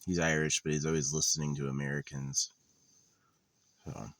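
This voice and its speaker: A man's voice: extremely low pitch, little pitch movement, moderate pace, a bit bright, dry recording. A man in his thirties vlogging in a meandering, sardonic monologue, swearing casually as he goes. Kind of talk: rambling monologue. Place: lives in a van.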